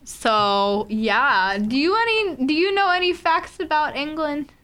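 A woman's voice: high-pitched, expressive, measured pace, fairly bright tone. A woman co-hosting a casual chat, rambling and full of fillers and self-corrections. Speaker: co-host.

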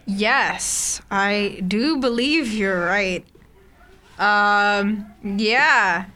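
Bright, clear-voiced rambling woman. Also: mid-range voice, drawn-out words. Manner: chatty, rambling, many fillers and self-corrections. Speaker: co-host. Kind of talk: casual chat.

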